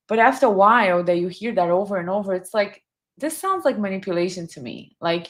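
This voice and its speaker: Brief: woman streamer, conversational live commentary, mid pitch. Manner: chatty, reads viewer comments aloud. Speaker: true crime commentary streamer.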